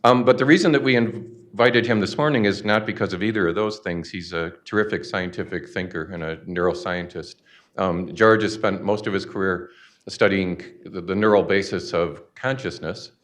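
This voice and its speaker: A man introducing the keynote speaker to an audience in a halting way, with many fillers. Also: low-pitched, fairly bright tone. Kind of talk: introduction speech. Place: lecture hall.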